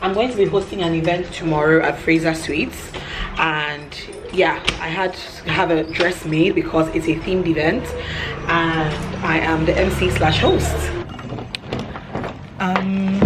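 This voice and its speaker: A woman with a Nigerian English accent vlogging to her phone camera from her car, chatty and excited, full of quick asides. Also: lowish voice, noisy background. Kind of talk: casual vlog talk to camera. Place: in her car, then a fashion store. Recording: background music under voice.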